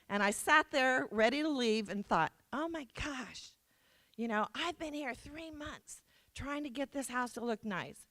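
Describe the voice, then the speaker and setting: A woman's voice: on the high side, a bit bright, no echo. A middle-aged woman giving a keynote, telling an anecdote and acting out quoted dialogue with a self-deprecating touch. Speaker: keynote speaker. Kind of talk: storytelling speech. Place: conference hall.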